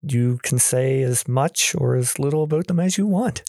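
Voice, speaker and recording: A woman's voice: a bass voice, moderate pace, dark tone, a little hiss or hum. A woman hosting a podcast, giving brief, easygoing prompts. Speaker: podcast host. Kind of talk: casual interview chat.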